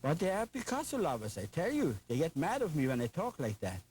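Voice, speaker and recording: A man's voice: fairly high pitch, huge pitch swings, brisk, a little mellow, a little hiss or hum, rough recording. An older man with a German accent, teaching a painting lesson in an enthusiastic, folksy, chatty way with playful asides. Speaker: painting instructor.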